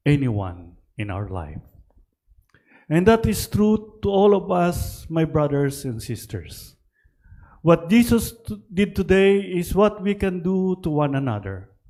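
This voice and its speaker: A man preaches a sermon from the front of a church, taking his time over every phrase. His voice sits fairly high for a man, and he lifts it on key words before letting it fall back. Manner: switches between Tagalog and English, lively rising emphasis. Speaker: priest.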